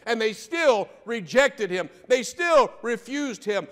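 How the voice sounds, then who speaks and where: A man pastor preaching a sermon, firing rhetorical questions and swinging between loud declarations and hushed asides. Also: extremely high pitch, sing-song, measured pace, hardly any pauses. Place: church sanctuary. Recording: long church reverb.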